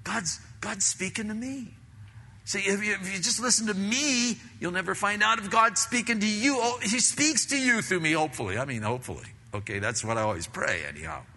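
A middle-aged male pastor preaching a sermon in a casual, animated way, repeating himself and often calling listeners "man". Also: high voice, brisk, creaky, slightly rough, big-room sound.

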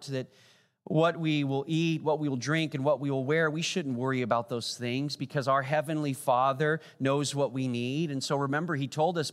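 A man preaching a sermon as pastor, animated and rising high for emphasis. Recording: long church hall reverb.

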